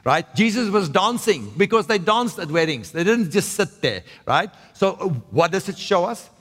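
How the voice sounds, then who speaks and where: A pastor preaches in a large hall, his high, sing-song male voice moving at normal speed with a slightly bright tone. He keeps it conversational, often checking in with "right?" and restarting his sentences.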